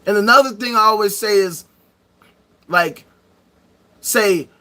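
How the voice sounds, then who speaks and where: A man hosting a live stream, ranting in a heated, profane and mocking way, breaking into shouts. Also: high-pitched, unhurried.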